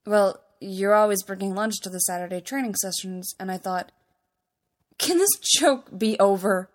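A woman's voice: medium pitch, flat delivery, normal speed, natural voice. A woman voicing a reserved young man who is a werewolf pack leader, speaking in short, understated lines in a story reading. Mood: quiet. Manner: terse, understated.

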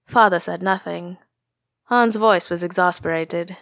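A woman narrating a fan fiction story aloud, reading in a brisk, expressive way. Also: fairly low pitch, dry recording, clean studio sound.

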